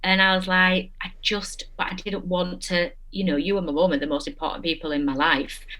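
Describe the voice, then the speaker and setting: A young adult woman, a guest telling a personal story in casual chat, animated and emotional. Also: lowish voice, a little fast.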